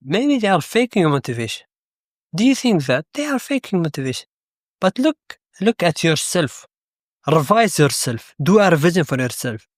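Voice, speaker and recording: A man's voice: on the high side, sing-song, normal speed, no room sound, studio quality. A man speaking as a motivational speaker, telling a story in a rambling, unscripted way and putting questions to the listener.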